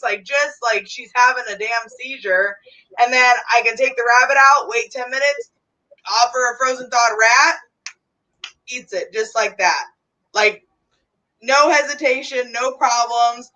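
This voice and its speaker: Bright chatty woman, off-mic. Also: sits high, unhurried. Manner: chatty, laughs often. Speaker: reptile livestream host. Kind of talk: casual chat. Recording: distant from the mic.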